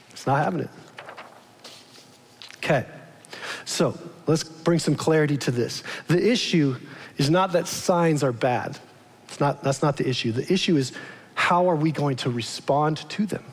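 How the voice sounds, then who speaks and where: A man's voice: fairly high pitch, normal speed, long pauses, breathy edge. Guy pastor preaching, chatty and conversational, lots of questions to the crowd, long echo from the church hall. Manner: casual, conversational preaching with rhetorical questions to the congregation. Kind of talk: sermon. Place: large church.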